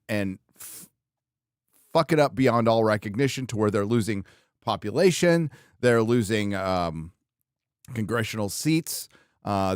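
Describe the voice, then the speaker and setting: A man's voice: mid-range voice, dry recording, studio quality. A man hosting a podcast, talking in a blunt, ranting casual style. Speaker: podcast host. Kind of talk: casual chat.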